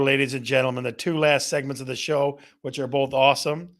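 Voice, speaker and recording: Upbeat gravelly-voiced male livestream host. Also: mid-range voice, moderate pace. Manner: upbeat, playful, reads out viewer comments. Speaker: host of a real estate live show. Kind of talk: casual livestream chat with viewers.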